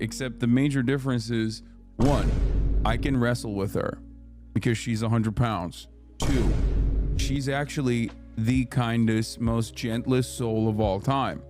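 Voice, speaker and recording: A male streamer ranting in a casual political livestream, heated, profane and emphatic, often speaking up in pitch to make a point. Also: fairly even intonation, unhurried, a little mellow, faint music behind.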